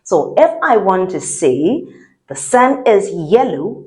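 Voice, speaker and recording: Slow, lively-pitched woman teaching French. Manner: slow, deliberate, repeats each word with lively pitch. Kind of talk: language lesson with repeat-after-me drills.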